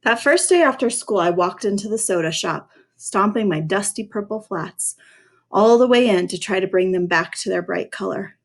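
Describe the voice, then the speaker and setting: A woman's voice: medium pitch, normal speed. A woman reading a first-person novel aloud in a dry, sarcastic voice, stopping now and then to talk to her listeners about it. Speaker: reader.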